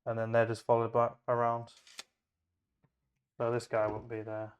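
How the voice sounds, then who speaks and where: A man's voice: mid-range voice, completely flat delivery, moderate pace, muffled recording. A man playing a tabletop wargame, thinking aloud as he moves models, measures ranges and rolls dice in casual play commentary.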